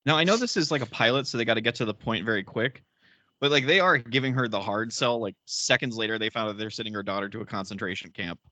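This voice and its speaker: A man chatting casually as a podcast co-host, wry and quick to laugh. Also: on the low side, sharp tone, no echo. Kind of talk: casual chat.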